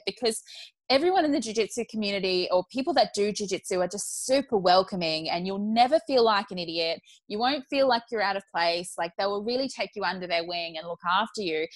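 A woman's voice: mid-range voice, no room sound. Chatty, candid woman, dry sound. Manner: chatty and candid, laughs easily. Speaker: guest. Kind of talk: casual podcast conversation.

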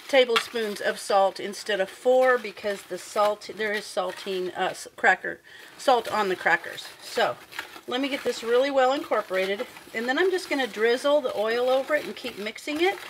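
A friendly woman hosts her own cooking video, talking easily and explaining each step as she mixes ingredients in her home kitchen. Her voice sits a little high, with a faint hiss behind it. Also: normal speed. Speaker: cooking channel host. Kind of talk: casual cooking demonstration.

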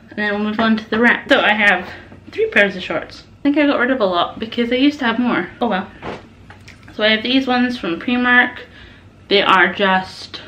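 A woman's voice: fairly high pitch, sharp tone, dull audio, a little hiss or hum. A young woman chatting casually through a gym wear haul, rambling and enthusiastic, a little out of breath. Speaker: vlogger.

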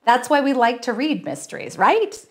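A woman's voice: fairly high pitch, sing-song, normal speed. A woman author reading her mystery story aloud on a livestream and chatting with viewers. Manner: chatty, laughs at herself.

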